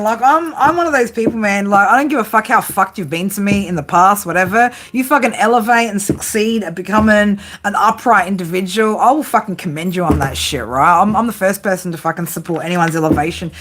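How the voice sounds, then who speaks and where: A woman's voice: mid-range voice, fairly quick, few pauses, fairly bright tone, slight background noise. Chatty, profane woman reading tarot. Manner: profane, chatty, talks to spirit and viewers. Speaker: tarot reader. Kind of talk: casual tarot reading to camera.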